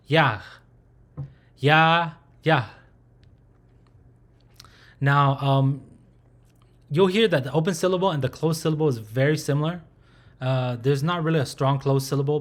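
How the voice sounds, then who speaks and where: Patient man teaching pronunciation. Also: fairly high pitch. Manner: patient, repeats sounds slowly with frequent "right?" checks. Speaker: language teacher. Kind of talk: recorded lesson.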